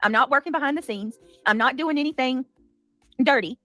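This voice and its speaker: A woman's voice: sits high, brisk, pushed and bright, dry recording, soft background music. A woman hosting a commentary livestream, talking in an indignant, defensive and emphatic way. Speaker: livestream host.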